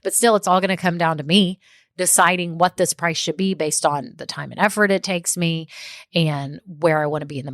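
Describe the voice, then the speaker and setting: A woman's voice: lowish voice, a bit bright, no room sound, clean studio sound. Chatty upbeat woman podcast host. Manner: chatty, upbeat, laughs often. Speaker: podcast host, small business coach. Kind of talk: solo podcast talk.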